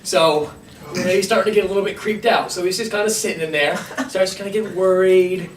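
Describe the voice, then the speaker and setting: A man's voice: sits high, fairly even intonation, fast talker, a little hiss or hum. A man telling a story casually to friends, laughing through his words and swearing freely. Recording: echoey room, far from mic, chatter around.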